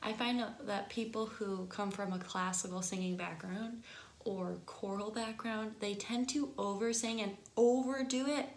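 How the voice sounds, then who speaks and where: A woman voice teacher giving a casual singing lesson, chatty and explaining with quick examples. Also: medium pitch, steady tone, echoey room.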